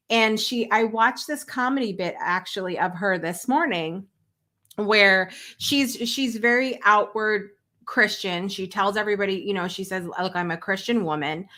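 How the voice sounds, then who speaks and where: A woman's voice: medium pitch, sharp tone. A woman hosting a live morning talk show, chatting casually and emotionally with many fillers and restarts.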